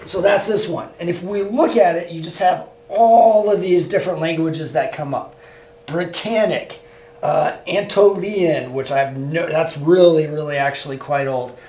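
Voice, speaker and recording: A man's voice: on the high side, measured pace, darkish tone, slight background noise. A man teaching a recorded lesson over slides, with a casual Midwestern American accent and a loose delivery full of fillers. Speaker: high school teacher.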